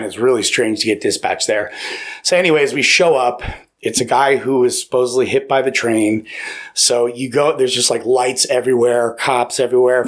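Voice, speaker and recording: A man telling stories casually on a podcast as a guest. He is animated, laughs a lot, acts out quotes and swears freely. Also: mid-range voice. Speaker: podcast guest, former paramedic. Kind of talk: casual storytelling. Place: podcast studio.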